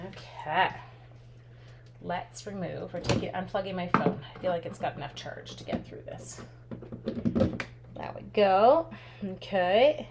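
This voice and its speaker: A woman's voice: fairly low pitch, slow, long pauses. A woman hosting a live stamping demo, chatty and upbeat, thinking aloud and answering viewer comments. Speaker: craft instructor and live stream host. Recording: steady background noise with clicks.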